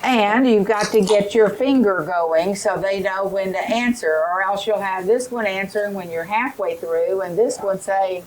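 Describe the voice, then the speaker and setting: A woman's voice: mid-range voice, normal speed, few pauses, rough recording. A woman leading a teacher training session, giving directions and modeling phonics drills aloud.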